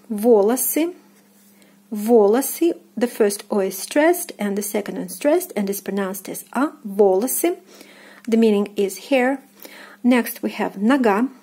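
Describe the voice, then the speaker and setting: A woman with a Russian accent teaches a pronunciation lesson, saying each word slowly two or three times. Her voice is mellow and a little husky, and she pauses often with small fillers. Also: medium pitch. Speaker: language teacher. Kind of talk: online language lesson.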